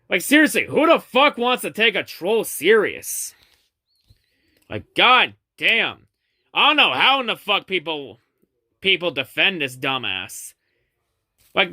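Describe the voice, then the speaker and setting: A man's voice: high-pitched, sharp tone, no room sound. A man hosting his own fan channel, delivering a taunting, profane diss rant straight at a rival. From Detroit area. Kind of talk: ranting diss video to camera.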